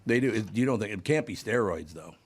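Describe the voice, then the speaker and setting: A man's voice: fairly low pitch, lively intonation, quick pace, a little hiss or hum. A man hosting a radio talk show, telling a rambling story in casual chat.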